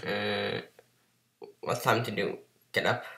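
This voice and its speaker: A man's voice: lowish voice, steady tone, slow, fairly bright tone. A man casually commenting on a cartoon episode, chatty and playful. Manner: chatty, playful, mimics characters. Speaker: reaction video host. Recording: echoey room.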